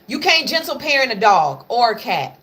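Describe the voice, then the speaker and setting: A woman's voice: fairly high pitch, big pitch swings, normal speed, a bit bright. A woman hosting a casual livestream, talking bluntly and profanely and scolding her pets between topics. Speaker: livestream host.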